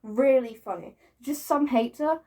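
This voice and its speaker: A woman's voice: high-pitched, measured pace, a little mellow. A woman vlogger ranting casually to camera, swearing freely, giggling and mocking herself, repeating words for emphasis.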